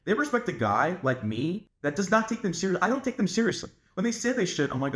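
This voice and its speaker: Young male dating coach, cocky swearing monologue, slightly high voice, roomy echo. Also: very animated, fast talker, hardly any pauses, a bit bright. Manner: brash, boastful, swearing, lots of "like" fillers. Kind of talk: casual monologue to camera.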